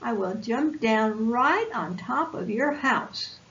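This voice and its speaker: An eager, bold young male possum from a picture book, put on by a woman reader. He talks quickly and brightly in a raised pitch. He sounds excited and sure of himself. The recording is lo-fi with a faint hiss. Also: heavily acted.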